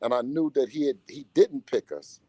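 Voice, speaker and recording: A man talking casually in an interview as a boxer's father and manager, animated and slangy, often repeating himself. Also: mid-range voice, normal speed, no echo, muffled recording.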